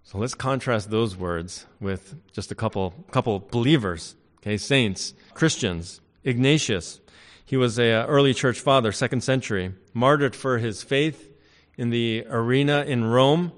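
Male pastor, mid-range voice, emphatic preaching style with loud and quiet swings, long hall reverb. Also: mid-range voice, measured pace. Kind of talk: sermon.

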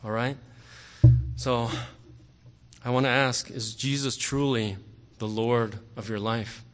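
A man preaching a sermon earnestly, often pausing on "okay" and growing forceful on key words. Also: medium pitch, fairly even intonation. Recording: long hall reverb.

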